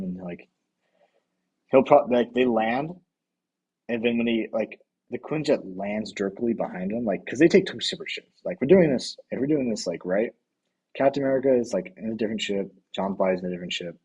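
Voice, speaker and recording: A man's voice: on the low side, darkish tone, husky, poor audio. A man streaming casual commentary, rambling, laughing often, swearing and answering the chat aloud.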